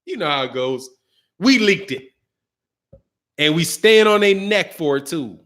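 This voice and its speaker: A man's voice: a little high, lively intonation, measured pace, fairly bright tone. A man hosting a boxing channel, giving a slangy, mocking commentary rant.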